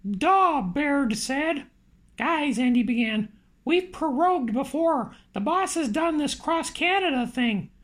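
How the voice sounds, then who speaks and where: High chatty rooster puppet voice reading an audiobook, keeps the same voice for everyone. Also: male voice, fairly bright tone. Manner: reads narration and dialogue in one put-on voice. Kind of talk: audiobook narration in character.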